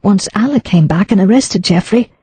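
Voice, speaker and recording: A woman narrating an audiobook in a measured storytelling manner. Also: medium pitch, expressive, mellow, slightly rough, no echo. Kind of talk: scripted narration.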